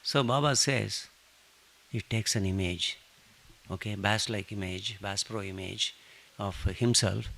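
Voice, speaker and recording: A man leading a satsang, telling a devotional story with lively joking asides. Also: lowish voice, measured pace, gravelly, pauses often. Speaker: satsang speaker.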